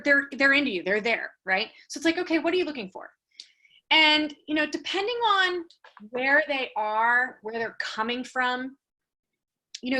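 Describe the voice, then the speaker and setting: Brisk, bright-voiced woman coaching agents. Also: high-pitched. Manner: brisk and animated, acting out client dialogues. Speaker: real estate team leader training agents. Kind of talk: casual team training talk.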